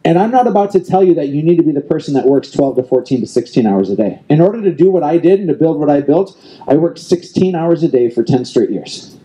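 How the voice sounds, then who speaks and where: This is a middle-aged man delivering a motivational keynote to a room of real estate agents. He drives each point home with repetition and direct challenges to the crowd. His voice sits a little high, yet its tone is deeply mellow and dark. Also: expressive, fast talker, low-quality recording. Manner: emphatic, repetitive, coaching the audience directly. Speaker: real estate team leader speaking at an industry event. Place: event stage before a live audience.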